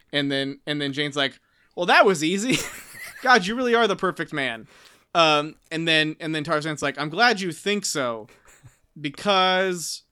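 A man's voice: fairly high pitch, clear, resonant tone, no room sound, clean studio sound. A man co-hosting a casual book podcast, recapping chapters and acting out characters with playful voices. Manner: animated, acts out characters in funny voices, laughs often. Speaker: podcast co-host.

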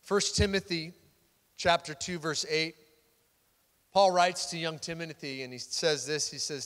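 A man preaching a sermon, telling a scripture story with animated, loud swells into worship. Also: on the high side, unhurried, long pauses, long reverb tail. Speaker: pastor.

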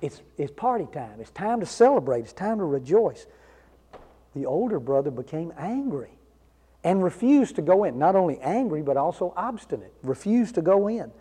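A man with a fairly high yet mellow voice delivers a sermon, working through a passage with rhetorical questions and relaxed asides. His words ring out with a long reverb, as in a large church sanctuary. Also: moderate pace, slightly rough. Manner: expository preaching with rhetorical questions; conversational asides. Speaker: preacher.

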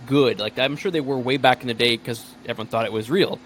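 A man co-hosting a casual podcast, chiming in with quick chatty remarks. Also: mid-range voice, fairly bright tone, slight background noise. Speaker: podcast co-host. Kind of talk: casual chat.

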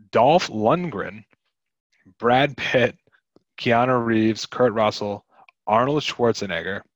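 Low-voiced man hosting a chatty podcast. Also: no room sound, muffled recording. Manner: chatty, rambling, wry. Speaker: podcast host. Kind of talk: casual chat about a film.

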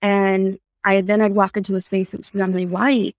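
A woman's voice: mid-range voice, fairly quick, dry recording, clean studio sound. A woman in her thirties from San Antonio, Texas, talking as a guest in a casual interview and acting out people's voices when she tells stories. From South Side of San Antonio, Texas. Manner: animated storyteller who acts out voices in quotes. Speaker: podcast guest.

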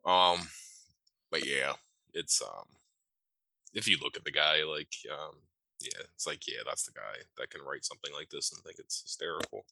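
A man with a very low voice talks loosely on a podcast, piling up fillers and tossing in curse words. His tone is bright and edgy, and the sound is dry and close with almost no room echo. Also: normal speed, vocal fry. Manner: rambling, filler-heavy, swears casually. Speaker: podcast co-host. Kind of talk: casual chat.

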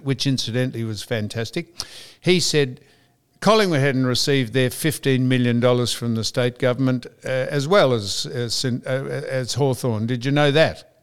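Man, podcast host, chatty, rambling, smooth clear voice. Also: medium pitch. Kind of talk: casual banter podcast.

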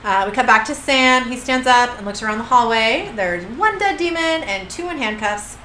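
A woman's voice: on the high side, expressive, moderate pace, pushed and bright. A woman co-hosting a podcast who reads out an episode recap in casual chat, with many fillers and asides. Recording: echoey room with faint hiss.

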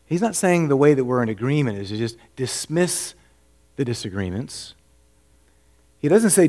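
A man delivers a sermon from the pulpit, his voice sitting in an ordinary middle pitch. He is earnest, leaning on rhetorical questions, and he sinks to a near hush before climbing back to emphatic, rising lines. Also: lively intonation, moderate pace. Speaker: pastor.

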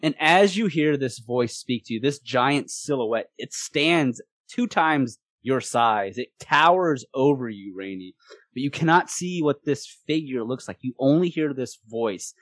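A man running a tabletop game as game master, narrating scenes in an animated way and often repeating words. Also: medium pitch, a little slow, no echo.

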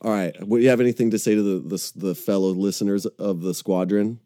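A man hosting a podcast in casual chat, excitable and swearing often as he tells stories. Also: lowish voice, brisk, no echo, studio quality. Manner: profane, excitable, animated storyteller. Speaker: podcast host.

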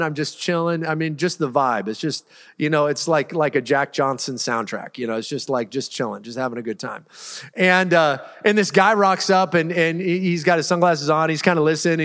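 Casting note: male pastor, slightly high voice, loose and chatty delivery, long church reverb. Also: a bit bright. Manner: casual, storytelling, restarts often. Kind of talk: sermon. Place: church sanctuary.

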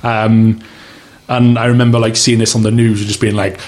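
A man's voice: fairly low pitch, flat delivery, moderate pace, a little mellow. A man from the United Kingdom hosting a casual podcast chat, rambling, swearing freely and losing his place. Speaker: podcast host.

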